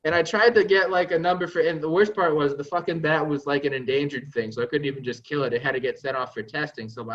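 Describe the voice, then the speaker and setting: A man from New York telling a story in an animated, profane, self-mocking way, on a podcast call. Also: on the high side, quick pace, few pauses, muffled recording. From New York, USA. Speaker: podcast guest. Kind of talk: casual storytelling.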